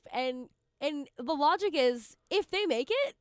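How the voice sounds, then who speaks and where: A woman's voice: high voice, animated, measured pace, dry recording. Young woman co-host, dry studio sound. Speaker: sports show co-host. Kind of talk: casual sports chat.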